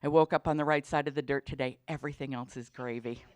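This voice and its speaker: A woman's voice: extremely low pitch, fairly even intonation, fast talker, darkish tone, smooth, no room sound. A middle-aged woman, a dean, giving a chatty, humorous talk to parents at orientation, with many fillers. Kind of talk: presentation to parents.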